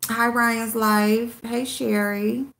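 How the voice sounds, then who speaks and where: A woman's voice: on the high side, level tone, extremely slow, creaky, fairly bright tone. A woman hosting a casual phone livestream, greeting viewers by name as babe and speaking bluntly, repeating herself for emphasis. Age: adult with a school-age son. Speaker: livestream host.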